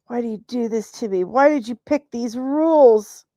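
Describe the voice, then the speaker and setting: A woman's voice: a little high, moderate pace, mellow, no echo, studio quality. A young woman hosting a casual live stream, bantering playfully with her chat and laughing in exasperation. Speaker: host of a pop culture live stream.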